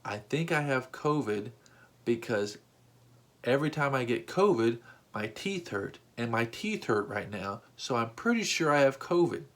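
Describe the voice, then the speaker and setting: A man imitating a calm, nonchalant man who shrugs off being sick, in a flat, unbothered tone. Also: a little high, brisk, few pauses, a little hiss or hum.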